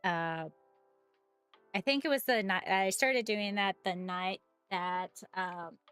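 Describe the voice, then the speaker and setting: A woman's voice: medium pitch, takes it slowly, a bit bright, clean tone, soft background music. A woman chatting casually on a live stream as she paints miniatures, greeting viewers by name and laughing often.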